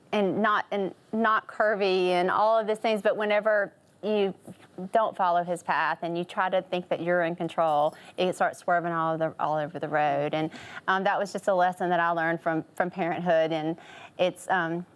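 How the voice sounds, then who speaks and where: A woman's voice: on the low side, steady tone, moderate pace, clear, resonant tone. A woman guest on a talk show, chatting and laughing easily as she tells a personal story, with frequent ums and restarts. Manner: chatty, laughs often while telling a story. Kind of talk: anecdotal storytelling.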